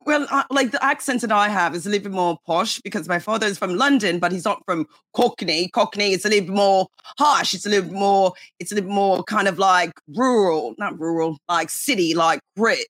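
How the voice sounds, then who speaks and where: Bright-voiced chatty woman, dry sound. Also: medium pitch, fast, hardly any pauses, no room sound. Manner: chatty, laughs often. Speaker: podcast co-host. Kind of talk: casual chat.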